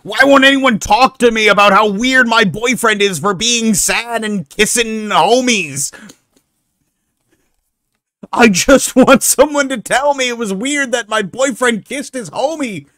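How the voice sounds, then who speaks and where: A man's voice: extremely high pitch, a little slow, sharp tone, dry recording, studio quality, voice pushed up, heavily acted. A man mockingly voicing a whiny, self-absorbed young woman who complains about her boyfriend. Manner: whiny, sarcastic mockery.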